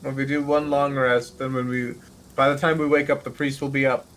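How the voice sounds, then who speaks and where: A man playing a tabletop game, thinking aloud in halting phrases. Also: medium pitch, level tone, fairly bright tone, slight background noise. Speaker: player. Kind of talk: casual tabletop play.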